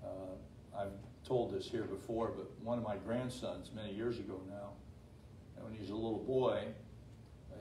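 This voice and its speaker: An older male pastor delivers a sermon in a roomy, echoey space, a little off the mic with faint ambient noise behind. His voice sits at an ordinary pitch. He pauses and fills with "uh" often, then slows down and lifts his voice for emphasis. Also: darkish tone, far from the mic. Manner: halting with many fillers, slows and rises for emphasis.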